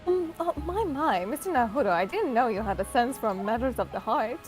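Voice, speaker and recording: A woman reads a prim young female assistant in a video game playthrough, with a high voice. She speaks in a polite, proper way. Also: expressive, fairly quick, soft background music, lightly acted.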